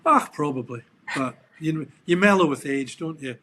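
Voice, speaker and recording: A man's voice: fairly high pitch, animated, moderate pace, pushed and bright. A middle-aged Scottish man, a podcast guest, telling stories in a reflective, rambling way with frequent restarts and ums. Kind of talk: casual interview chat.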